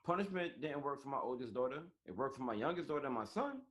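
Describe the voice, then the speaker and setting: A man hosting a live online talk show, telling frank, animated stories full of slang and swearing, on a phone or webcam mic. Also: mid-range voice, fast talker, noisy background. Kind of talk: casual chat. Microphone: phone or webcam on a live stream.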